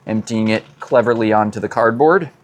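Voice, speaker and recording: A man's voice: on the low side, normal speed. Rambling, chatty mechanic man. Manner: rambling, chatty, self-deprecating storyteller. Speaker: mechanic and show host. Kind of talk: casual talk while working on a car. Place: car workshop.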